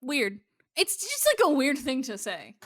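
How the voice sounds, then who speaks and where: Bright, lively high-voiced woman. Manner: enthusiastic, quick reactions, laughs often. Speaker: podcast co-host. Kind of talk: casual chat.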